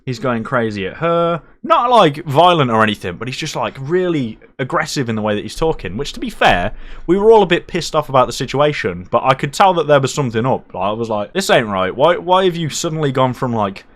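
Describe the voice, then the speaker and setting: A man's voice: mid-range voice, fairly quick. Young man telling a wild story. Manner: animated, swearing, self-mocking. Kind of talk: casual storytelling.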